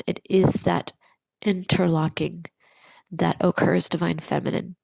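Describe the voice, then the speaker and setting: Woman medium, low gravelly voice, unhurried, soothing repetition, close dry mic. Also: level tone, a little mellow, dry recording, rough recording. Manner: slow, soothing, repeats phrases for emphasis. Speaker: medium giving a tarot reading. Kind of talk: channeled pick-a-card reading to camera.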